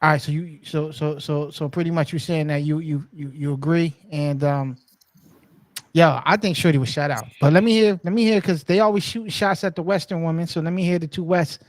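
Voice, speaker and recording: A man hosting a casual panel chat over a call on headphones. He talks in an animated, slangy way, often cutting in and repeating himself. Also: a little high, a little fast. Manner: animated, interrupts a lot, slangy and repetitive. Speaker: podcast host. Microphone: headphones on a remote call.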